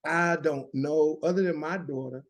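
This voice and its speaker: Speaking at a normal speed in a steady tone, a middle-aged American man with a slightly high voice and a Southern drawl shares a personal story as an interview guest. He's earnest but keeps restarting his sentences.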